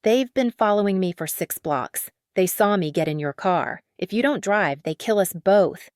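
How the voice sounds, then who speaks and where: A woman voicing a rough, commanding wounded gangster. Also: medium pitch, animated, normal speed, darkish tone, no echo, studio quality, lightly acted. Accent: Korean. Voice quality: rough, clipped. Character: wounded male criminal, rough, controlled, commanding.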